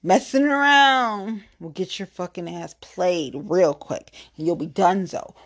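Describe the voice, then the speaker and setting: A woman's voice: on the low side, gravelly. A woman hosting her own podcast, a tipsy solo rant that is blunt, profane and threatening. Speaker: podcast host.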